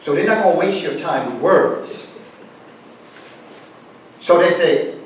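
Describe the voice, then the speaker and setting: Animated man lecturing in an echoey room. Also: on the high side, measured pace, long pauses, slight background noise. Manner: animated, acts out example phrases, coaxes audience to join in. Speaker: guest speaker. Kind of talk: lecture to a live audience. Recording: echoey room, far from the mic.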